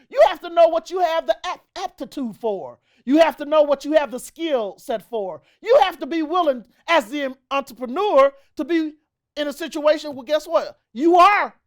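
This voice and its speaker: A woman host giving a motivational business talk, emphatic, with preacher-like repetition. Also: sits high.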